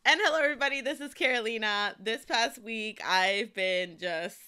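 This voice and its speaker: A woman's voice: a little high, normal speed, smooth. A young woman co-hosting a casual fan podcast, chatting and laughing with friends. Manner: laughing, animated fangirl chatter. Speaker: podcast co-host. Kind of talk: casual chat.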